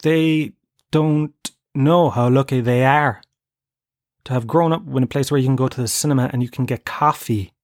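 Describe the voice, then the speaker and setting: A man's voice: medium pitch, moderate pace, no room sound, clean studio sound. A Kerry Irish man in his thirties, hosting a podcast with a rambling, sweary comic monologue. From Ireland (Tralee, Kerry). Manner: rambling, sweary, laughing at his own jokes. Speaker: podcast host.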